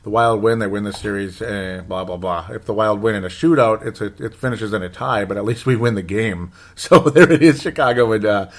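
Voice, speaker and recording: A man gives casual solo sports commentary as a podcast host, rambling and correcting himself, anxious and wry with frequent chuckles. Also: fairly low pitch.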